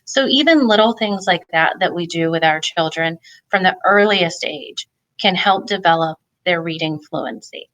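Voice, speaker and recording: A woman's voice: fairly low pitch, moderate pace, fairly bright tone, poor audio. A woman presenting a reading lesson for parents, explaining in a friendly way with the odd filler. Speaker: family literacy presenter. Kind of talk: instructional talk for parents.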